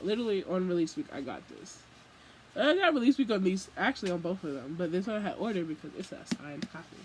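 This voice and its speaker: A young woman vlogging casually from home, rambling and animated as she jumps from thought to thought. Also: medium pitch, normal speed, background noise. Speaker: book vlogger. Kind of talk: casual chat.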